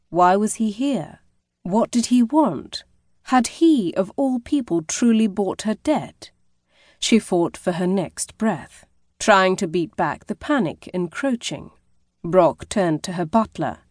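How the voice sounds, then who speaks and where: A woman reading a romance novel aloud as an audiobook narrator, in a measured, expressive way. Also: fairly low pitch, dry recording, studio quality. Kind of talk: scripted narration.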